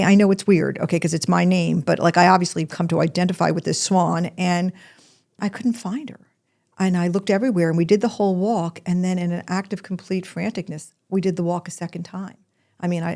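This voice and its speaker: A woman's voice: on the low side, a little mellow. An older woman hosting a podcast, telling a personal story in a candid, emotional way. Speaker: podcast host.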